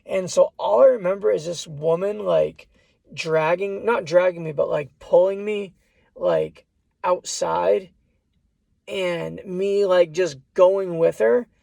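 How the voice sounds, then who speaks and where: High-ish gravelly guy rambling through a story, dry close sound. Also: slow pace, warm tone, dry recording. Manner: rambling, repeats "I said" and restarts lines. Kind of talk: casual personal storytelling.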